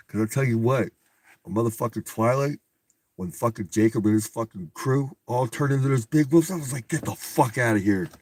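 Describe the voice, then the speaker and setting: A man's voice: fairly low pitch, darkish tone, slightly rough. A man reading a storybook aloud and breaking off for profane, incredulous comic commentary. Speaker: reader and commentator. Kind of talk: comedic read-aloud with commentary.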